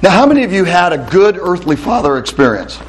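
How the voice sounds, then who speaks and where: A middle-aged male pastor giving a lively talk to a room of men, telling stories and putting questions to the crowd. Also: sits high, fast talker, a little hiss or hum. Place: hall with a live audience.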